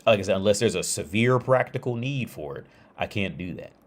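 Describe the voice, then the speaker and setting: A man's voice: on the low side, animated, brisk. A man talking on a casual livestream, rambling with many restarts and fillers. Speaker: streamer.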